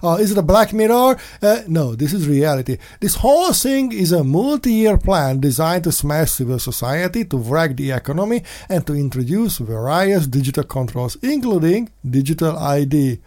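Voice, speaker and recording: A man with a somewhat high, very lively voice delivers a casual commentary monologue. He is sarcastic and mocks in put-on voices, now and then breaking into sudden shouts. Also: normal speed, hardly any pauses. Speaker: podcast host.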